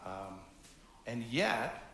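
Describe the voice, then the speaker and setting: A man in his fifties, a pastor from Canada, giving a gentle, conversational children's message during a church service. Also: medium pitch, very animated, drawn-out words, gravelly, roomy sound, slight background noise. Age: 50s. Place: church sanctuary.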